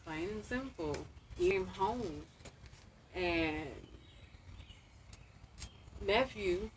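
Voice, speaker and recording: A woman's voice: fairly low pitch, very slow, a little hiss or hum, low-quality recording. Woman telling a story outdoors. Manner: animated storytelling, lively quoted asides. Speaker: guest. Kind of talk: casual chat.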